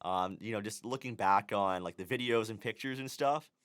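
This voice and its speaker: A man's voice: lowish voice, normal speed, fairly bright tone. A young man co-hosting a casual talk show, speaking earnestly with many fillers. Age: young adult. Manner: earnest, filler-heavy, lots of "you know". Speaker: co-host. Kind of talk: casual chat.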